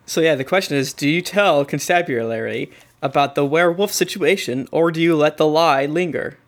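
A man narrating as game master of a tabletop role-play, relaxed and joking. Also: on the high side, moderate pace.

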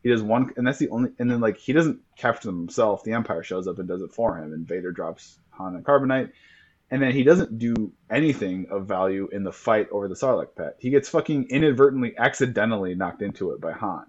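A man co-hosting a casual podcast chat, talking with animated excitement and frequent swearing. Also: lowish voice, fairly quick, highs cut off. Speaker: podcast co-host.

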